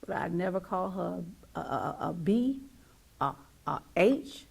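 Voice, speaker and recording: Husky, gravelly woman talk show host. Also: lowish voice, big pitch swings, measured pace. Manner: emphatic, repeats lines, swings from loud to near-whisper. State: emotional. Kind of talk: heartfelt monologue to viewers.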